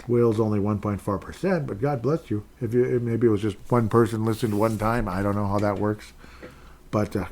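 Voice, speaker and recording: A man's voice: on the low side, dark tone. A man hosting his own podcast alone, rambling casually and earnestly thanking listeners over and over. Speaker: podcast host. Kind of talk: casual solo podcast chat.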